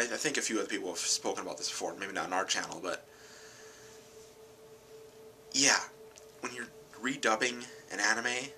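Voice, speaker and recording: A tired man rambling casually about an anime film, correcting himself often and getting animated when something annoys him. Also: on the low side, a little hiss or hum, poor audio. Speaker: channel host.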